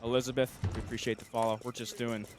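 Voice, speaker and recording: A young man casting a college esports match live, chatty and joking, with excited calls on big plays. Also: mid-range voice, quick pace, music in the background. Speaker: esports caster. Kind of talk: live esports play-by-play commentary.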